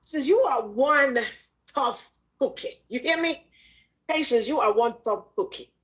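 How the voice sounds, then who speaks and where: A woman's voice: high-pitched, lively intonation, measured pace, a bit bright. A middle-aged woman hosting a casual livestream, laughing often and exclaiming emphatically between remarks. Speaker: livestream host.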